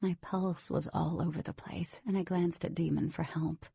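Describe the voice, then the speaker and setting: A woman's voice: fairly low pitch, steady tone, moderate pace, vocal fry, warm tone, breathy edge, dry recording, highs cut off, exaggerated voice. A woman narrating a novel as a wary teenage girl, in scripted audiobook style.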